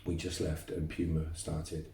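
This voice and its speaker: Gravelly deep-voiced older man. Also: unhurried, distant mic, slight background noise. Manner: animated, repeats words, lively anecdotes. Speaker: martial arts instructor guest. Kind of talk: casual interview storytelling. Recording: roomy echo, voice off-mic.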